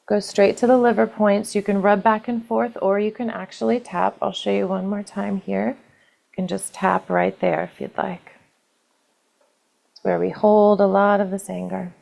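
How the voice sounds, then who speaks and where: A woman leading a guided EFT tapping session, calling out tapping points in a slow, gentle, repetitive way. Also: mid-range voice, fairly even intonation, creaky.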